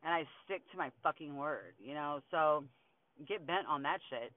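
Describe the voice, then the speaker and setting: A woman's voice: sits low, animated, normal speed, no room sound. A woman hosting a podcast, venting in an angry, heavily profane rant about family. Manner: angry, heavy swearing, ranting. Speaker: podcast host. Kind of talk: venting monologue. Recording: tinny phone-like line.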